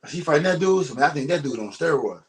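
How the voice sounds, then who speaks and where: He's a retired professional boxer chatting casually as an interview guest, his voice a little high with lively intonation and a quick pace. Expect blunt, emphatic talk full of swearing, recorded in a room with echo.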